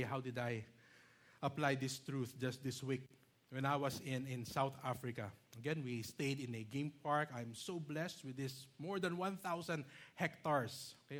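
A man's voice: medium pitch, a bit bright. A Filipino man preaching a sermon to his church, emphatic and building on key words, with asides in Tagalog. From Philippines. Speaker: pastor.

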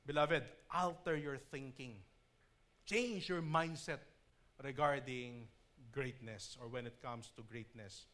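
A man preaching a sermon in his church, emphatic and drawing out key words slowly, often repeating himself as he explains. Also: mid-range voice, sharp tone. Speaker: pastor.

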